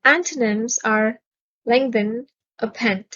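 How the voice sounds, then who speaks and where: A woman teaching English vocabulary in a measured, clearly enunciated way, stressing each syllable. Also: a little high, pushed and bright, muffled recording. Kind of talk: slow, careful vocabulary lesson.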